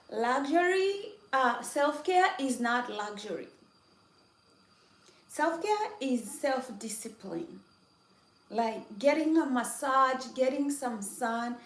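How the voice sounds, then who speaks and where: A woman's voice: fairly high pitch, echoey room, poor audio. A woman vlogger in a casual, playful chat, repeating her phrases as she talks at home in the kitchen.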